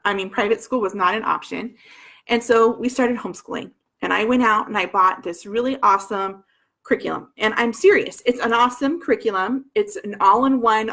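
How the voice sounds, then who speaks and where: A woman's voice: medium pitch, a bit bright. Rambling homeschooling mother telling her story. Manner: rambling with frequent restarts and asides. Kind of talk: personal storytelling.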